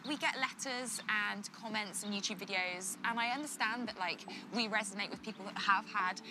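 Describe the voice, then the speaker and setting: A woman hosting a vlog, chatting in an animated way with lots of likes and restarts. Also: mid-range voice, moderate pace, noisy background. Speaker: vlogger host. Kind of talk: casual conversation. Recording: music playing behind.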